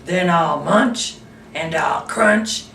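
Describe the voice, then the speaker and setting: A woman voicing a big, menacing male shark in a storybook reading, with a deep, growly put-on voice. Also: very slow, gravelly, a bit bright, roomy sound, far from the mic, a little hiss or hum, heavily acted. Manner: growly, roaring threats.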